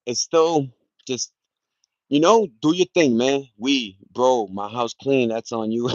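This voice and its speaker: A man chatting loosely on a livestream, using street slang and shouting out viewers by name. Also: mid-range voice, animated, normal speed, dry recording, dull audio. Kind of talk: casual rambling livestream chat. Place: at home in the countryside, partly outdoors.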